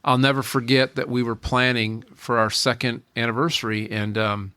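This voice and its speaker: A man's voice: medium pitch, little pitch movement, normal speed, bright, forceful tone, clean tone, no echo. A man in his forties, a podcast guest, telling a personal story in an earnest way, often repeating and restarting his phrases.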